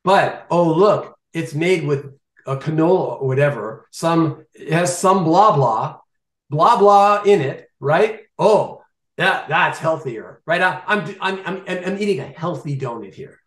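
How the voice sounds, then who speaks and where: A man in his fifties talks about food choices in a lively, animated way, slipping into mock voices as he plays out what shoppers think. His voice sits a little high for a man. The recording carries a noticeable room echo. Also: a little slow. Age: 50s. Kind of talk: casual chat.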